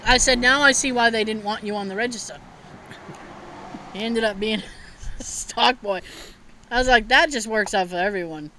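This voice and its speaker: A woman hosting a podcast, telling a family story in casual chat, animated and swearing freely with frequent laughter. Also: fairly high pitch, moderate pace, pauses often, slight background noise. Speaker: podcast host.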